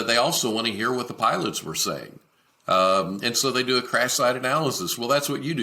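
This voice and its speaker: A man in a low register with a bright, forceful edge hosts a leadership podcast. He talks right to the listener, earnest and encouraging. He keeps restarting his sentences and fills the gaps with ums. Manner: many fillers and restarts. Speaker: podcast host.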